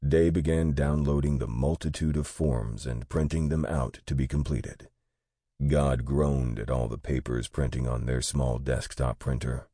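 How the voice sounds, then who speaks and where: A man narrating an audiobook in a steady, matter-of-fact way. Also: very deep voice, unhurried, dry recording, studio quality.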